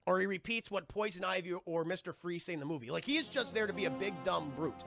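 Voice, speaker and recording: A man giving a casual live-stream film review, animated and profane, talking straight to his chat. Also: high-pitched, quick pace, gravelly, over music.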